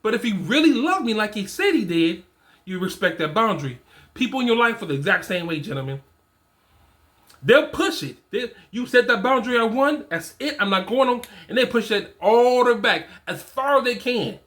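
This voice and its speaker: A man's voice: sits high, big pitch swings, moderate pace, fairly bright tone. A man in his forties giving casual, emphatic motivational talk to other men, repeating his points with slang. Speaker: fatherhood and men's coach.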